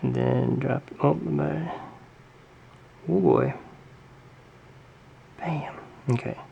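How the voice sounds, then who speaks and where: A man's voice: mid-range voice, very slow, vocal fry, highs cut off, slight background noise. A man hosting a casual hands-on craft tutorial at home, chatting and correcting himself with jokey asides as he works. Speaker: tutorial host.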